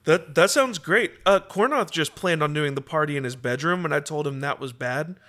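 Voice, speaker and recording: Bright-voiced rambling player. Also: male voice, fairly high pitch, normal speed. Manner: rambling, with stammering restarts. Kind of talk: comedic tabletop role-play.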